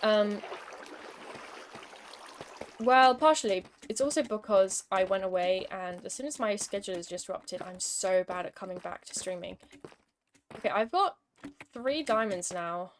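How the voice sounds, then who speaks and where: A woman's voice: mid-range voice, a little slow, pauses often, slight background noise. A young woman streaming a game, chatting casually and telling an exasperated, wry story between moves. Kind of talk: casual gaming commentary with storytelling.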